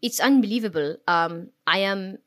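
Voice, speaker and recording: A woman voicing a bewildered, put-upon captive guest with a fake French accent, speaking quietly and hesitantly. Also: mid-range voice, normal speed, lightly acted. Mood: mock-forlorn.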